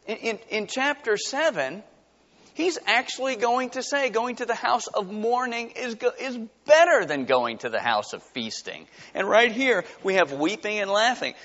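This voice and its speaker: A pastor preaching a conversational sermon, full of rhetorical questions and lively asides. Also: male voice, sits high, normal speed. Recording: dull sound with long hall reverb.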